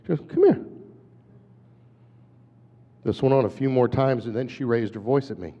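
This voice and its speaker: A man in his fifties, an animated storyteller who acts out voices, giving a talk at a conference. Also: medium pitch, fast talker. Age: 50s. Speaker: conference speaker. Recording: dull hall recording with long reverb.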